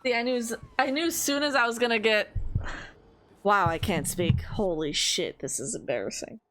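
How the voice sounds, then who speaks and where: A woman streamer giving casual, playful commentary while gaming. She swears, taunts the enemy and rambles quickly to herself. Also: fairly high pitch, a bit bright, a little hiss or hum. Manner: rambling fast self-talk.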